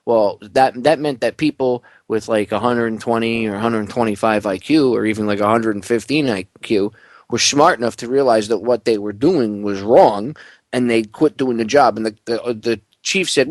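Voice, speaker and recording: A man's voice: medium pitch, moderate pace, no room sound. A man hosting a political talk radio show, ranting bluntly with heated sarcasm.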